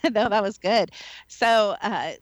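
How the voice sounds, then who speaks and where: A woman's voice: medium pitch, takes it slowly, no echo, muffled recording. A woman from the Midwest hosting a radio talk show, chatty and laughing often. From American Midwest. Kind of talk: casual radio chat.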